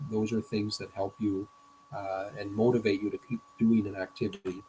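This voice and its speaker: A man's voice: lowish voice, level tone, moderate pace, warm tone, a little hiss or hum, poor audio. Hesitant man giving a coaching lecture. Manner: hesitant, frequent fillers and restarts. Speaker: business coach. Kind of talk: online presentation lecture.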